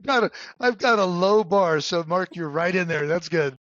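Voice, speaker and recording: A middle-aged man hosting a podcast in casual chat, halting with many fillers and restarts, cracking jokes. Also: sits high, lively intonation, a bit bright, no echo. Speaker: podcast host. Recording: dull dry lo-fi sound.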